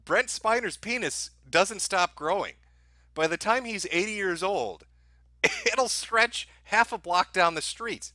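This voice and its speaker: A man's voice: high-pitched, expressive, slow pace, pushed and bright, no echo. A man hosting a live stream, reacting with profane, laughing, mocking commentary. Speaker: stream host.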